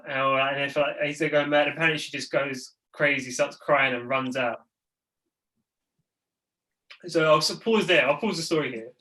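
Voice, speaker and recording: A man's voice: on the high side, normal speed, pauses often, bright, forceful tone, rough recording. A young man with a London accent, a podcast co-host telling a story in casual chat, full of fillers.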